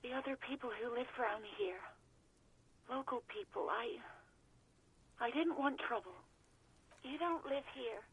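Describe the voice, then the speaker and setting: A woman's voice: on the high side, measured pace, long pauses, breathy edge, exaggerated voice, low-quality recording. A woman voicing a nervous young former bar waitress who talks on the phone, apologetic and evasive. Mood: anxious. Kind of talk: video game voice acting.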